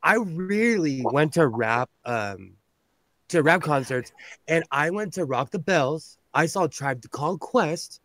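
A man in his thirties with a somewhat high voice, talking casually and rambling along, poking fun at himself and laughing between thoughts. The sound is close and dry, with no room around it. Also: expressive, slow, a bit bright, dry recording. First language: English. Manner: rambling, self-mocking, laughs often. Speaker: co-host. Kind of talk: casual chat.

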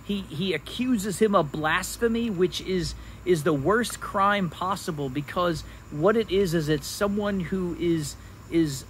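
A man giving a devotional Bible teaching in a fairly high voice. He talks very slowly and halts often, repeating words as he thinks it through. A faint background noise sits under the recording. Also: low-quality recording. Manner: slow, halting, many restarts and fillers. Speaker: pastor.

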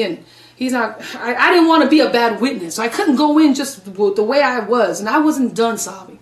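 High-voiced woman evangelist, echoey room. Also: lively intonation, moderate pace, far from the mic. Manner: emotional storytelling, dramatic swings from loud to hushed. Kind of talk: testimony sermon.

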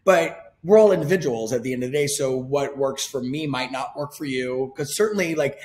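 A man in his forties talking openly as an interview guest, emphatic and quick to swear. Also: medium pitch, darkish tone. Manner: candid and emphatic, swears freely. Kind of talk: casual conversation.

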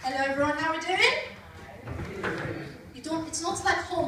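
A woman's voice: extremely high pitch, normal speed, pauses often, far from the mic, heavy background noise. A woman from England performing a stand-up comedy set, chatty and wry, teasing the crowd on a comedy club stage. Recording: echoey room, voice from afar.

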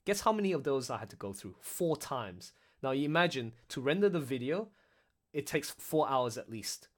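A man's voice: medium pitch, normal speed. A man hosting a live stream over a voice call, chatting casually and sounding mentally exhausted. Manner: chatty, animated, self-interrupting. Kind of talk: casual chat.

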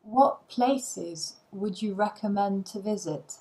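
A woman reads short phrases aloud for learners, one after another, with pauses between them. She speaks slowly and carefully, at a middle pitch. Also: mellow. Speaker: language learning reader. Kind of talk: slow phrase-list reading for learners.

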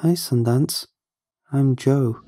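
Male narrator as a scared young boy, stuttering and uneasy, husky edge, horror reading. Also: medium pitch, slow pace, mellow, voice pushed up. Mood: nervous scared. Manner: nervous, stuttering.

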